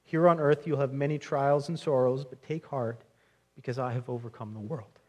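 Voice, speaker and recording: A man's voice: mid-range voice, fairly even intonation, moderate pace, a little mellow. A young man preaching a sermon in an earnest, conversational way, often restarting phrases and speaking directly to his listeners as friends. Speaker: pastor.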